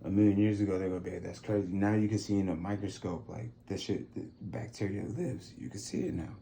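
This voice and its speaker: A man's voice: deep voice, fast, gravelly, mellow, slight background noise. A man in his thirties from Phoenix, telling stories in a loose, profane way with lots of fillers, on an outdoor balcony. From Phoenix, Arizona. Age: 30s. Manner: laid-back, profane, rambling with many fillers. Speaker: interview guest. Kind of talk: casual storytelling.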